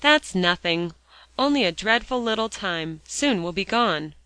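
A woman's voice: mid-range voice, lively intonation, normal speed, fairly bright tone, dry recording, close to an everyday voice. A woman voicing a sulky, hot-tempered schoolboy who grumbles indignantly, in a dry, close recording.

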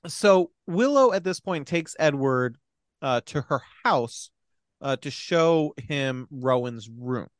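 A man's voice: mid-range voice, animated, takes it slowly, dry recording, studio quality. A young man in casual chat, animatedly retelling a film's plot, acting out the characters' lines, swearing and laughing. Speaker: podcast co-host recapping a film.

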